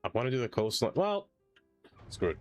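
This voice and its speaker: A man's voice: medium pitch, very animated, fairly quick, darkish tone, soft background music. A man streaming a city-building game, chatting casually and joking to himself as he plays. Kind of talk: casual gameplay commentary.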